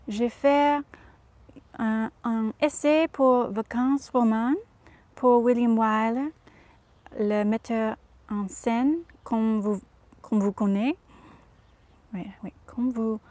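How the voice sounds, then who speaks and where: A woman impersonating a gracious 1950s film star, reading an interview answer in careful, halting French. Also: on the high side, darkish tone, no echo. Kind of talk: reading an interview aloud in character.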